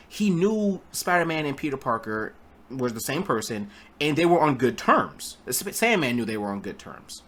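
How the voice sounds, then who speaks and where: A man's voice: fairly high pitch, fairly bright tone. A man giving a casual spoken film review, rambling with stumbling restarts and blunt, profane remarks. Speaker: movie reviewer.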